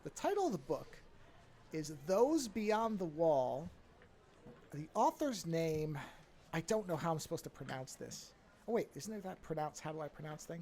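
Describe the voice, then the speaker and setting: Brief: male podcast co-host, slightly high pitch, easygoing chuckling chat, faint noise behind. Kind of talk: casual chat.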